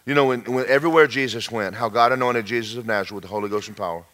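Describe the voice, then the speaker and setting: A man preaching a sermon in a folksy, animated way, swinging between loud emphatic lines and low quiet asides and acting out little dialogues. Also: very fast.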